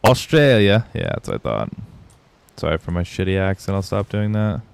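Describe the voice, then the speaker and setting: A man's voice: low-pitched, sing-song, moderate pace, gravelly, clear, resonant tone. A young man streaming a video game live, chatting loosely with viewers, rambling and swearing freely. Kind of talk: casual gaming livestream chat.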